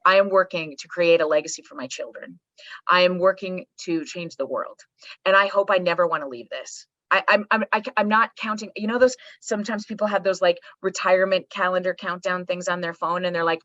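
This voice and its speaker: A middle-aged woman talking in a lowish voice, telling stories bluntly and with plenty of swearing. Her voice sounds a little dull and muffled, with a dry, close sound and no room around it. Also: a little fast, no room sound. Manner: blunt, profane, animated storytelling. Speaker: psychologist guest. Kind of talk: candid podcast conversation. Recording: slightly muffled dry recording.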